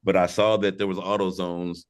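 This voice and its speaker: A man's voice: low-pitched, flat delivery, moderate pace. A man from St. Louis, Missouri, a former pro skateboarder and podcast guest, telling stories in a laid-back, profane way and laughing through them. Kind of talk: casual storytelling interview.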